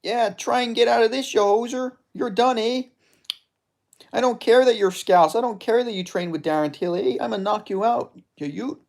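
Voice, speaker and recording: A man's voice: very high-pitched, moderate pace, gravelly, voice pushed up. A man voicing a brash, trash-talking Canadian fighter with a put-on Alberta accent, taunting and tacking 'eh' onto his lines. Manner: taunting, shouty, ends lines with 'eh' and 'hoser'.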